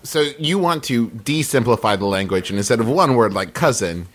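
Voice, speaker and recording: A man's voice: medium pitch, lively intonation, moderate pace. A man co-hosting a podcast, dropping dry remarks in casual comedic banter.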